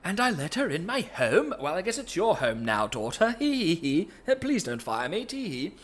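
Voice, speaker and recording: A man voicing a gentle, mild-mannered middle-aged father in a soft, lilting tone. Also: high voice, big pitch swings, moderate pace, pitched above the performer's own voice, full character voice. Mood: meek.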